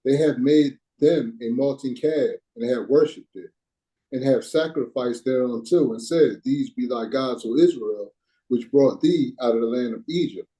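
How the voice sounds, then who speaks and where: A man reads scripture aloud in a very dark, mellow voice. His reading is steady and formal, taking the old wording line by line. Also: mid-range voice, normal speed, rough recording. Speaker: scripture reader.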